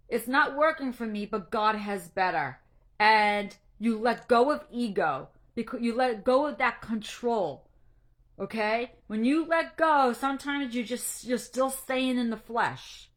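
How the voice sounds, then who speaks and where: A woman coach talks slowly and earnestly about faith and finding peace, her voice a little high. She is emotional and close to tears, and she often stumbles and restarts her sentences. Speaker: anxiety coach. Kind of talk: faith-based encouragement talk.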